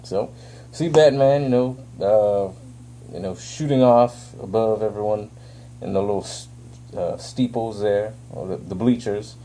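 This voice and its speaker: Low, mellow man rambling through a review. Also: unhurried, a little hiss or hum. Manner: hesitant, filler-heavy, rambling. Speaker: comic book reviewer. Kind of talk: casual spoken review. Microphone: phone.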